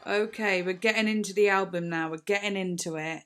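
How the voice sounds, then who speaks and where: A woman hosting a music reaction video, chatting casually and getting excited as she listens. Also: medium pitch, brisk, smooth. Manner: chatty, rambling, excitable with gasps and laughs. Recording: faint song playing behind.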